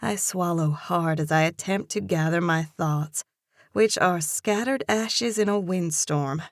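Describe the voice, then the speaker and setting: A woman narrating a first-person romance audiobook with an expressive, lively character reading. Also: fairly low pitch, a little slow, no room sound, studio quality.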